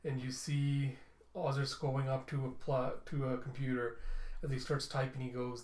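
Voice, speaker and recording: A man's voice: medium pitch, flat delivery, normal speed, darkish tone. A man casually narrating a comic book readthrough, restarting and correcting himself. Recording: roomy echo.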